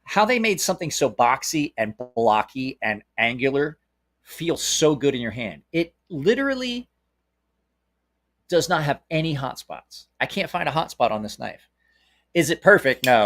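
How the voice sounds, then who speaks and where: Host type: a man with a Southern drawl, casual and blunt, given to cursing and restarting his sentences, mid-pitched. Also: fairly bright tone. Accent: American Southern. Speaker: knife channel host. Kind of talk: casual live-stream chat.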